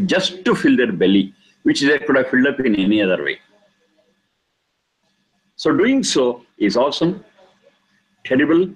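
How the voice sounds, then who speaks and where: A man with a husky, slightly breathy voice of middling pitch gives a lecture on scripture. He speaks deliberately, stacking repeated words for emphasis as he explains each term. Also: low-quality recording. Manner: slow, emphatic, repeats key words for stress. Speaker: Vedic scripture teacher.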